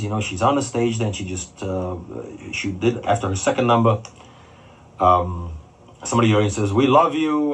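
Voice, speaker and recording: A man who runs concerts telling a story in a blunt, animated, profane way. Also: fairly low pitch, slightly rough, poor audio. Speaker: concert promoter. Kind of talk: recorded anecdote.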